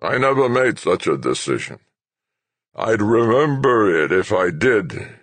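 Guy doing a grumpy old general, slurred croaky voice, slow and raised up higher than his narration, husky. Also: lively intonation, dry recording, heavily acted. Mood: cranky. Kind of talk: audiobook character voice.

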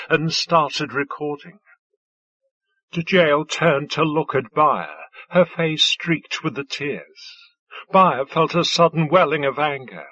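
A man reading fiction aloud as an audiobook narrator, in a measured, scripted way. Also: a little high, bright, forceful tone, no room sound, highs cut off.

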